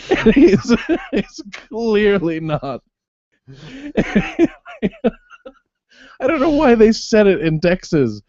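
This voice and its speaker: A man's voice: high-pitched, drawn-out words, pauses often, no echo, muffled recording. A man co-hosting a podcast in casual chat, rambling and laughing often. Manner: giggly, rambling, animated. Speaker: podcast co-host.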